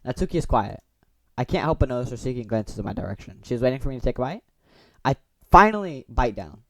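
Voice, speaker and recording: Here a young gaming channel host, medium-pitched and quick-paced with lively intonation, reads a visual novel's story aloud. He keeps adding goofy, chatty asides as he goes.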